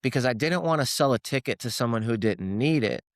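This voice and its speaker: A man's voice: medium pitch, lively intonation, brisk, no echo, clean studio sound. Earnest man telling a personal story. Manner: earnest, repeats words when moved. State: close to tears at times. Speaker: podcast guest.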